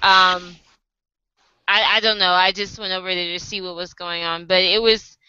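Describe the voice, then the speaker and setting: A woman's voice: on the low side, steady tone, normal speed, muffled recording, background noise. An American woman casually telling a story to camera, acting out other people's lines and laughing often. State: sleep deprived. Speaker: vlogger.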